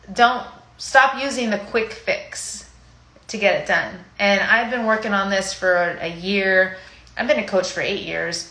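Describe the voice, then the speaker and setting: A woman's voice: mid-range voice, bright, forceful tone. Chatty emotional woman in an echoey room. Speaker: fitness coach. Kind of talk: casual live video chat.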